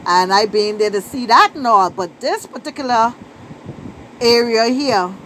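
A middle-aged Bahamian woman speaks with a Bahamian accent in a voice that sits a little high. She tells a personal story to camera in a lively, conversational way, hammering home her points by repeating phrases. Faint background noise runs under the recording. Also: a little slow, rough recording. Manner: animated, repeats phrases for emphasis. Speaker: vlogger and poet.

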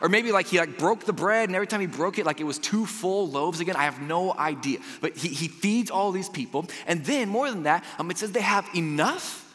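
Male pastor, lively storytelling sermon, tense bright tone, long hall echo. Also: high-pitched, fairly quick, few pauses. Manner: animated storytelling with frequent "like" fillers. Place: church sanctuary.

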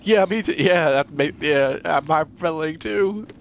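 A young man giving excitable, jokey commentary while playing a video game. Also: on the high side, moderate pace, creaky, dull audio, slight background noise. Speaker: gaming YouTuber. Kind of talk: casual gameplay commentary.

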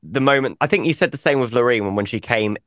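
A man's voice: mid-range voice, fairly bright tone, no room sound, clean studio sound. A man, a presenter, chatting casually as a podcast guest about interviews he has done. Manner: joking, then thoughtful and quick. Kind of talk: casual chat.

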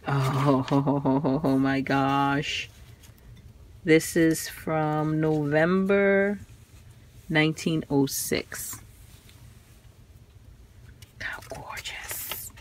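Slow, awed woman vlogger. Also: deep voice, steady tone, slight background noise. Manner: awed, exclaiming, handling fragile items carefully. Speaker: vintage craft vlogger. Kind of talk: casual show-and-tell.

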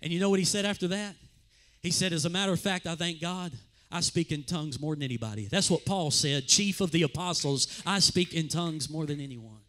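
A man preaching a sermon as pastor in a church, with impassioned, repetitive phrasing that swings between loud declarations and hushed appeals. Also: fairly high pitch, a little fast. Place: church sanctuary.

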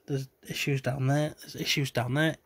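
A man giving subdued, self-deprecating commentary while opening trading cards, with low-key delivery and trailing hesitations. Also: flat delivery, moderate pace, husky. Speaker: card collector vlogger. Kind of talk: casual card-opening commentary.

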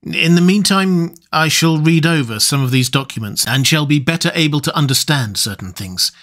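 A man reading an audiobook, voicing a sober, sorrowful gentleman doctor in a measured, formal way. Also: on the high side, lively intonation, pitched above the performer's own voice. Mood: earnest.

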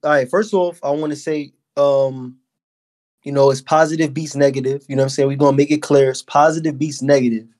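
A man's voice: medium pitch, steady tone, fairly quick, darkish tone. A man hosting a casual podcast interview in an easygoing, encouraging way. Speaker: podcast host.

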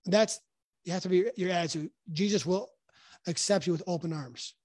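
A man teaching from the Bible in a casual podcast chat, earnest and halting with many restarts. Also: high-pitched, darkish tone, no room sound. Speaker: podcast guest.

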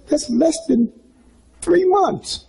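A man's voice: very high-pitched, expressive, takes it slowly, creaky, darkish tone, poor audio. A man in his seventies doing stand-up storytelling for a live audience, folksy and rambling, with frequent asides like "huh?". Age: 70s. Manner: folksy, rambling storytelling with asides like "huh?" and "you know what I'm saying?". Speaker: comedian.

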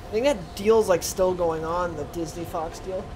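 A man's voice: high voice, normal speed, noisy background. A young man hosting a casual gaming video, chatting and rambling while he plays and reacts to the game. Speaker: gaming channel host. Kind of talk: casual let's-play commentary.

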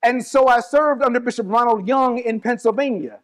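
A man preaching a sermon as a church elder, sharing personal testimony, moving between quick asides and slow emphatic lines. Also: very high voice. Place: church sanctuary. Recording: church hall with long reverb.

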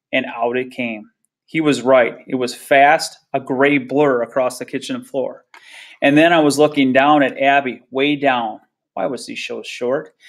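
A man reading a novel aloud chapter by chapter. His storytelling is steady and plain, pitched in an ordinary middle range. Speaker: reader.

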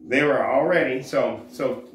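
Slow, halting man in an echoey room. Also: mid-range voice. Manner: halting, searches for words, restarts often. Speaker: religious teacher. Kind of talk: informal scripture teaching. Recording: roomy echo, faint background noise.

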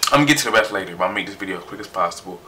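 A young man in his twenties, chatting excitedly in a casual vlog and trailing off as he reads his results aloud. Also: low voice, rapid-fire, faint music behind. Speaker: vlogger.

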